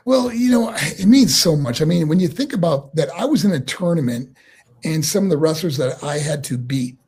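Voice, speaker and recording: A middle-aged man with a slightly husky voice tells animated stories in a casual interview, laughing often as he goes. He grew up in New York and talks in a relaxed, loose way. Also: a little high, moderate pace. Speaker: guest, former pro wrestler.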